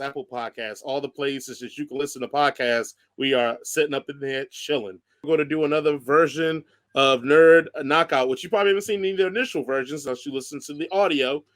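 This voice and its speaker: A man's voice: on the high side, fairly quick, few pauses, fairly bright tone. A man hosting a podcast in casual chat, joking, laughing often and rambling through lists. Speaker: podcast host.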